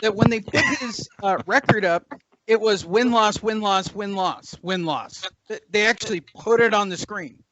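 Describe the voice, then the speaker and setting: A man's voice: high voice, unhurried, a bit bright, muffled recording, slight background noise. A man hosting a boxing talk show, sarcastic and mocking as he reviews fights. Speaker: boxing podcast host. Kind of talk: casual sports talk.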